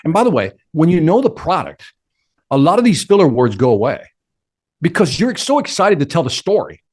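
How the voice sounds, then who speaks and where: A man's voice: on the high side, very animated, a little fast, a little mellow. A middle-aged man answering interview questions with energy, acting out quotes and his own inner talk. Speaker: sales speaker and interview guest.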